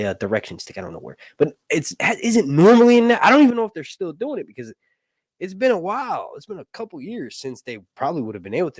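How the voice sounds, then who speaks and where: A man's voice: on the low side, a little mellow, no room sound. An American man hosting a casual livestream, rambling, correcting himself and joking as he talks. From United States. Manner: rambling, self-correcting, jokey. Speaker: livestream host.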